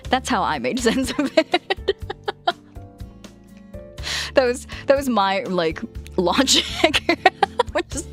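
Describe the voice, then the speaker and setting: A woman's voice: low voice, normal speed. A woman streamer chatting casually and frankly with her viewers, laughing often as she tells stories. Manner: frank, giggly, animated storytelling. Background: faint music.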